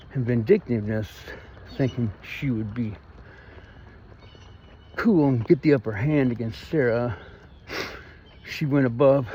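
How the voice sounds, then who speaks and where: A man's voice: medium pitch, mellow, dull audio, slight background noise. A man with a Missouri twang venting in a rambling, aggrieved vlog monologue. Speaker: vlogger.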